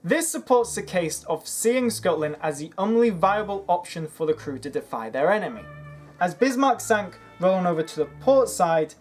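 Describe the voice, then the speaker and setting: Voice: medium pitch, sing-song, moderate pace, a little mellow, soft background music. Earnest history narrator arguing a case. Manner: earnest, argumentative, making a case. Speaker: history video creator.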